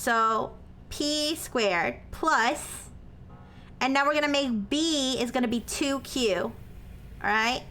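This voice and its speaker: A woman's voice: slow pace, sharp tone, a little hiss or hum. A woman live-streaming, explaining a math problem step by step to her chat and checking in with "okay?" after each step, turning apologetic when corrected. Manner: self-described as highly caffeinated.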